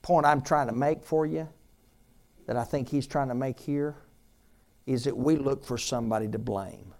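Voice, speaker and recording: A man preaching a sermon as pastor, urging the room with rhetorical questions and swinging between loud appeals and soft asides. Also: medium pitch, normal speed.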